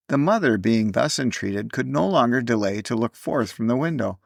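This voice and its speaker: Guy narrating an old story, low gravelly voice, dry close sound. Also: lively intonation, no echo. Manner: measured storytelling reading. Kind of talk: scripted audiobook narration.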